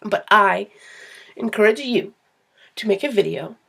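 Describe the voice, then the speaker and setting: A young woman vlogging to camera, telling rambling, self-deprecating stories about her own quirks in a casual, animated way. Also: medium pitch, a little slow, vocal fry, husky.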